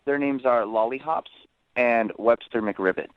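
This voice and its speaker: A man's voice: mid-range voice, unhurried, crowd noise. A man calling in to a radio show by phone, talking hesitantly with lots of restarts and "I mean". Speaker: caller. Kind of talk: phone-in chat. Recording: thin phone line.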